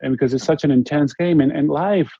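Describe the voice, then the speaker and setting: A man in his forties from Spain with a Spanish accent, telling a story as an interview guest in an earnest, halting way with frequent restarts. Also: fairly high pitch, creaky, mellow, husky, dry recording, highs cut off. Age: 40s. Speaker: interview guest, former basketball player.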